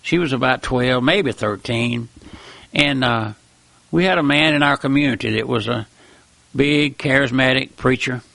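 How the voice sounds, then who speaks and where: Gravelly folksy preacher man. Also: medium pitch, moderate pace, bright, forceful tone, dry recording. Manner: folksy, repeats phrases, earnest. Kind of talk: sermon.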